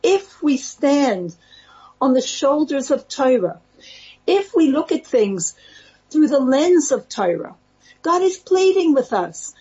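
A woman teaching a Torah talk in a slow, earnest, pleading cadence. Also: high-pitched, sing-song, dark tone. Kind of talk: spiritual talk. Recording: muffled lo-fi recording.

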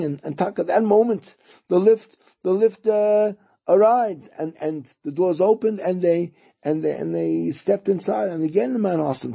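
A man telling a story during a lesson, halting and repeating words as he goes. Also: sits high, expressive, vocal fry, mellow, husky. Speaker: teacher.

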